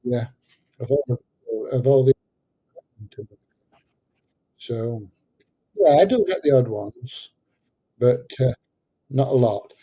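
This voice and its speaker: A middle-aged man chats casually on a livestream. His voice is mellow and a little husky, and he rambles along, pausing often on fillers as he answers his viewers. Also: medium pitch, low-quality recording. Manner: rambling and hesitant, many fillers. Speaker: livestream host answering chat.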